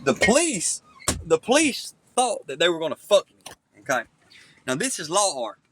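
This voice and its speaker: A man's voice: a little high, sing-song, moderate pace, a bit bright, a little hiss or hum. A man recording himself on his phone, ranting angrily and profanely, repeating "okay?" over and over. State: angry. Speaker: self-recording vlogger. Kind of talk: angry rambling monologue to camera. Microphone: phone front camera.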